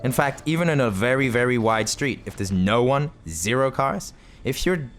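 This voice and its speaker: A man talks through a video game in casual, rambling commentary, joking and laughing as he plays. His pitch moves a lot, and faint game music runs underneath. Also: expressive, normal speed, a bit bright. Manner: rambling, jokey, laughs often. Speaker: let's play host.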